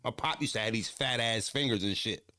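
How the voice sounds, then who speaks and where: A man chatting casually, telling stories in a profane, animated way and laughing often. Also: medium pitch, a little fast, no echo, clean studio sound. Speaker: streamer. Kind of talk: casual chat.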